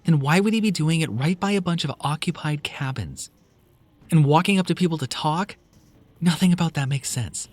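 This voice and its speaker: A man's voice: fairly high pitch, expressive, normal speed, pitched above the performer's own voice. Brief: skeptical young woman, raised doubting voice, horror story, a male reader doing her. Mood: incredulous.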